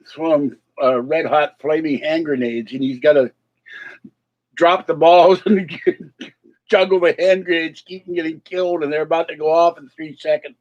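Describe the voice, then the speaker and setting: A man's voice: on the high side, lo-fi sound. A man rambling on a casual live stream, distracted and laughing at his own remarks, with a slight cold and a little out of breath. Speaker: vlogger.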